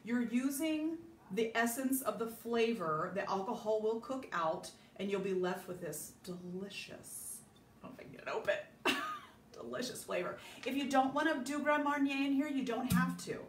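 A woman's voice: fairly high pitch, moderate pace, roomy sound, far from the mic, slight background noise. A middle-aged woman from Southern California hosting a casual live baking demo, chatty and rambling, greeting viewers by name. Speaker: home cook hosting a live baking video. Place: home kitchen.

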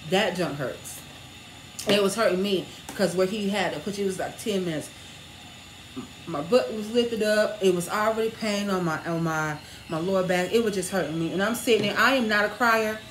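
A woman co-hosting a casual chat, telling a personal story in an animated way and often laughing as she acts out what others said. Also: mid-range voice, normal speed, a little hiss or hum. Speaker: co-host. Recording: roomy echo.

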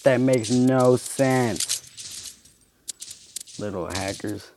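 A man's voice: medium pitch, drawn-out words. A young man casually commenting on his own shooter gameplay, slangy and trash-talking, joking at himself. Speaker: gamer. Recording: noisy game audio behind.

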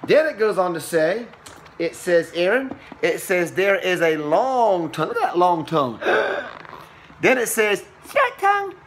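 A man reading a picture book aloud to a young child in a playful, exclaiming way, slowing on the quoted lines and ending with a short Bible lesson. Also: animated, background noise. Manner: playful, exclaiming, with sudden high squeals and slow drawn-out quoted lines; turns preachy when giving a Bible lesson. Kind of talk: animated read-aloud storytime.

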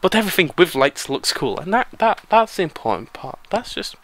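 A man's voice: high-pitched, fairly quick, no room sound. A British man casually commentating his gameplay, rambling and joking at his own expense. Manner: rambling, self-mocking, easily excited. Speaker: let's play host.

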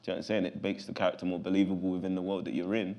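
A man with a London accent, answering interview questions in an animated, loose way full of casual fillers. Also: low voice, racing. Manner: animated, loose, full of fillers like "you know what I'm saying". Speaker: actor guest.

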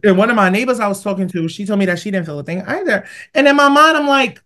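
A woman hosting a podcast, telling stories in casual chat and acting out quotes with big jumps in pitch. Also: lively intonation, quick pace, fairly bright tone. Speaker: podcast host.

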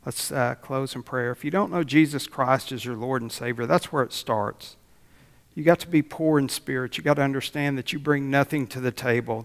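Male pastor, gravelly voice, folksy sermon, echo of a church sanctuary. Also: medium pitch. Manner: folksy storytelling with prayer. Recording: long church reverb.

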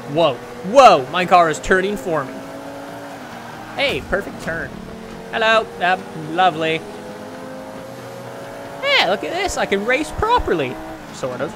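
A man commenting on his racing game play in a chatty, self-mocking way, with sudden excited outbursts. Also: high-pitched, noisy background. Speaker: gaming channel host.

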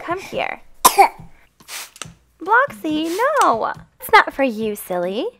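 A woman hosting a family game roleplay as the mom, gentle and motherly in a singsong way. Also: sits high, sing-song, slow pace, creaky. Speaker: channel host roleplaying the mom.

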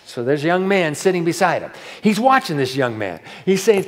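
A male pastor telling a sermon story to a live audience, dramatic and swinging from hushed to loud, with rhetorical questions. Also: on the high side, sing-song, fairly quick, big-room sound.

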